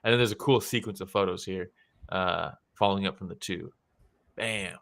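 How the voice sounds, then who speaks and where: A man's voice: low voice, normal speed, vocal fry, a bit bright. A young man co-hosting a podcast, chatting casually about fight photos and swearing freely as he acts out quotes. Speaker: podcast co-host.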